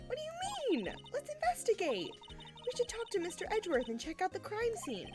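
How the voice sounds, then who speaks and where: A woman's voice: extremely high pitch, huge pitch swings, moderate pace, over music, voice pushed up, heavily acted. Woman voicing an eager young sidekick girl.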